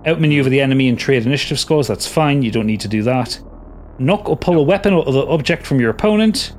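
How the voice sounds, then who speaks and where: A man's voice: mid-range voice, lively intonation, fast talker, a little mellow, slight background noise. A man running a tabletop game as game master, often restarting his words and swearing casually.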